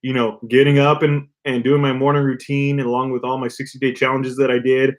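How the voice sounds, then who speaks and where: A man's voice: mid-range voice, fairly quick. A man co-hosting a podcast in casual chat, talking loosely and filling his sentences with "you know" and "like". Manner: relaxed, peppers speech with "you know, like". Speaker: podcast co-host.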